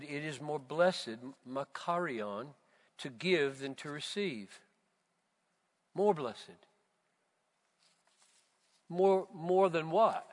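A man preaching a sermon, slow and emphatic, building to loud, fervent repetitions. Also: fairly high pitch. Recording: long reverb of a large hall.

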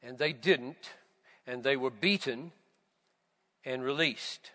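Slow, fervent preacher man in a hall. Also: mid-range voice. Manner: slow and emphatic, swelling to loud, fervent repetitions. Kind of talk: sermon. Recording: long reverb of a large hall.

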